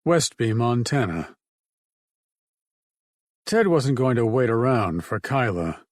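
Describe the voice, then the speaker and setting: A man reading an audiobook in a steady, measured narration. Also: medium pitch, dry recording, studio quality. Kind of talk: scripted narration.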